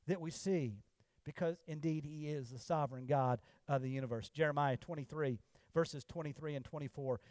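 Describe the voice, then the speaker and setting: A man preaching a sermon in a church, with emphatic declarations that drop to low, hushed phrases. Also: dry recording. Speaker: pastor.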